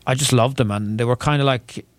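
A man's voice: mid-range voice, a little fast, no echo. A man with an Irish accent, an author talking in an interview, chatty and joking, laughing often. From Ireland. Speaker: author guest. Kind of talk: interview conversation.

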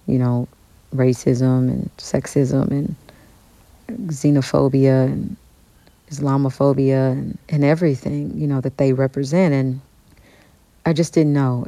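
A woman guest telling an animated story in an interview, acting out the dialogue she quotes. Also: a bass voice, dry recording. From United States. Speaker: guest musician.

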